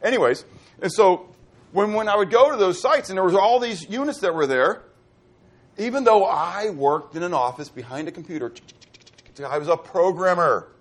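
Animated, high-pitched middle-aged preacher. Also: male voice, moderate pace. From Pittsburgh, USA. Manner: animated, quizzes the congregation with fill-in questions. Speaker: pastor. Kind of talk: sermon.

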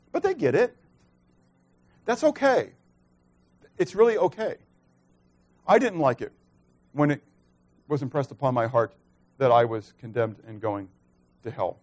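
A middle-aged man preaching a sermon, who swings from loud, emphatic stretches to soft, quiet asides and keeps asking the congregation questions. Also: high-pitched. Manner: conversational, asks the congregation questions. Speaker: pastor.

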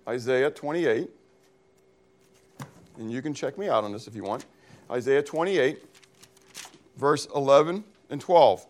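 A man's voice: mid-range voice, animated, measured pace, pauses often, darkish tone. A man from Pennsylvania preaching a sermon in church as pastor, reading scripture and explaining Greek words, checking in with the congregation often. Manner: teaching, checks in with frequent "okay?".

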